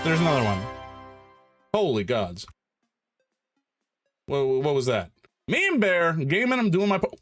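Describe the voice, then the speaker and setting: A man streaming live, chatting casually while he draws, rambling and self-mocking with sudden loud exclamations. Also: a little high, very animated, measured pace, long pauses, soft background music.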